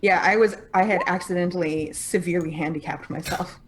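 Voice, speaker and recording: A woman playing a tabletop game, chatty with quick reactions. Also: on the low side, fairly even intonation, a little hiss or hum, low-quality recording. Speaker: player. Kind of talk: casual tabletop game play.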